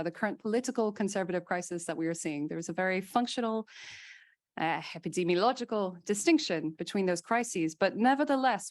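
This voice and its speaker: A female legal scholar with a mid-range voice gives a seminar lecture to a small audience in a room. She's emphatic and animated, stacking her points in lists and dropping playful asides.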